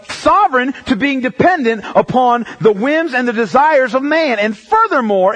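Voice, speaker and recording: A male pastor preaching a sermon, emphatic and direct, dropping from loud bursts to a hush and checking in with his congregation. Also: high voice, husky. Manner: emphatic, swings between loud outbursts and hushed stretches; talks straight to the congregation, checking in often.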